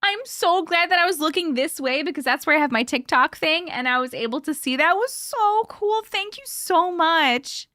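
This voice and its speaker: A woman's voice: very high voice, expressive, normal speed, hardly any pauses, pushed and bright, no room sound, clean studio sound. A woman in her early thirties, from Colorado, hosting a casual livestream and chatting with viewers while sounding tired and sleepy. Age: 30s. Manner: chatty, giggly, reads viewer comments aloud. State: sleepy, yawning. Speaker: live-stream host.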